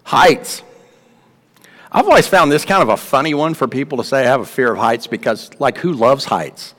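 A man preaching a sermon in a relaxed, conversational manner, with a mid-range voice. He repeats phrases and throws questions out to the congregation. His voice carries a long reverb from a large hall. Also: medium pitch, normal speed. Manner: conversational, repeats words, asks the crowd. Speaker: pastor.

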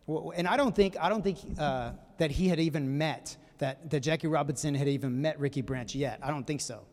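A man preaching a sermon, retelling a film scene as an animated storyteller with quick asides. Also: fairly high pitch. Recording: echoey hall.

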